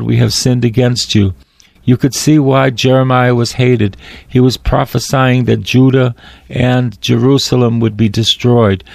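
Man doing a daily radio sermon, gravelly voice, dry close sound, slow fervent prayer. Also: mid-range voice, no echo. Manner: repeats phrases for emphasis. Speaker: radio preacher.

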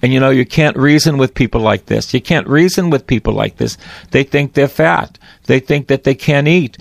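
A man's voice: mid-range voice, moderate pace, gravelly, no room sound. A man, a priest, preaching on a broadcast in a fervent, pleading way, repeating his phrases.

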